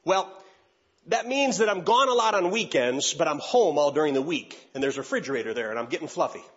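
Animated high-voiced man telling comic stories. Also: a little fast, husky. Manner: animated, acts out every voice. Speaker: youth pastor and speaker. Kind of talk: comic storytelling talk. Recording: dull lo-fi recording.

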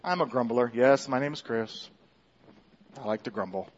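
A man's voice: mid-range voice, moderate pace, lo-fi sound. A man preaching a sermon in a church, talking in a loose conversational way with restarts and self-deprecating asides. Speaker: pastor. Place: church sanctuary.

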